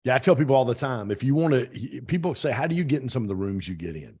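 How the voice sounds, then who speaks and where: A man hosting a podcast talks at a brisk clip, his voice a little husky. He tells stories with punchy, repeated phrases. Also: medium pitch, animated, a little mellow. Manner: fast, emphatic storytelling with repeated phrases. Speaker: podcast host. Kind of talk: casual interview chat.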